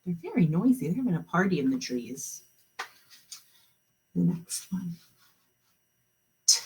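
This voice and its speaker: A woman teaching a kindergarten class online, encouraging the children and sounding out words slowly. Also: fairly low pitch, big pitch swings, vocal fry, darkish tone, breathy edge.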